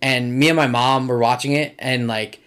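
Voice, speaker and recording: A man's voice: mid-range voice, fairly even intonation, normal speed, fairly bright tone. A young man from Michigan, a comedian guest, telling stories in casual podcast chat, loose and rambling with lots of "like.". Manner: loose, rambling, says "like" often.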